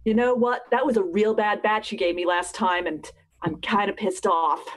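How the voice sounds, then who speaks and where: A woman improvising comedy lines over a webcam call, pushing her voice high for comic characters. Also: steady tone, normal speed. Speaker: improv player. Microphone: webcam on a video call.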